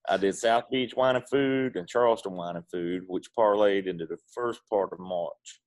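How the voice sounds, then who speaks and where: A middle-aged pitmaster, a guest in a casual interview, tells stories in a laid-back drawl with an Eastern North Carolina accent. His voice is on the low side and moves at a normal speed.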